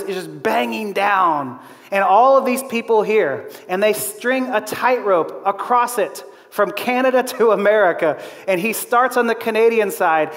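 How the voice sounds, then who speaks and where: A man preaching a sermon as pastor, telling a story in an animated way, laughing often and acting out the quotes. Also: high voice, in a large hall. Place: church auditorium.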